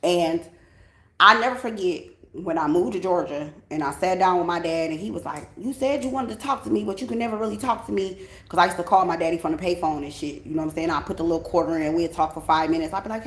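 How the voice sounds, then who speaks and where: Woman host, low-pitched voice, blunt animated storyteller, heavy swearing, roomy echo. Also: fast. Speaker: tarot channel host. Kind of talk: casual storytelling to viewers. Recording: echoey room.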